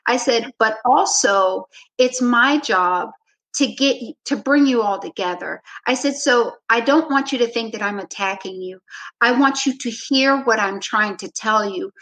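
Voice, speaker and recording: A woman basketball coach, a podcast guest, telling a story in a relaxed, reflective way, often filling with "you know" and acting out her own past words. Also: a little high, unhurried, rough recording. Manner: frequent "you know" fillers. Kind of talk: storytelling in a conversational interview.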